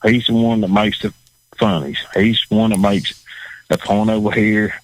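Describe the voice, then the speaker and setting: A man's voice: on the low side, level tone, normal speed, dry recording, low-quality recording. A man with a Southern accent, a former bull rider talking as a guest on a talk show, blunt and profane, often repeating himself. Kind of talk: casual talk show chat.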